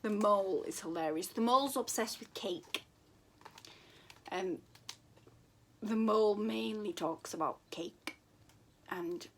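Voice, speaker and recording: Woman book vlogger at home, unhurried and effusive, middle-pitched voice. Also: slight background noise. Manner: gushing, repeats words for emphasis. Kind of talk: casual book recommendation vlog.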